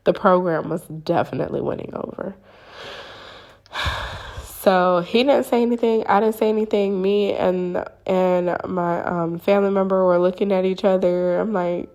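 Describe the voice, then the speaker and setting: Female host, casual dream-story telling, gravelly fry, acts out her own reactions, keeps asking "okay?". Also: mid-range voice, darkish tone. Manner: addresses listeners with frequent "okay?" checks. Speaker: spiritual channel host.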